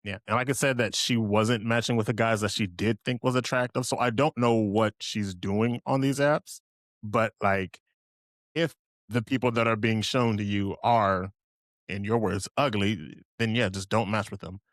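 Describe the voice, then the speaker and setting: A man's voice: on the low side, steady tone, moderate pace, dry recording, studio quality. A young man co-hosting a podcast, chatting casually with joking, rambling asides. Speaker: podcast co-host. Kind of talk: casual chat.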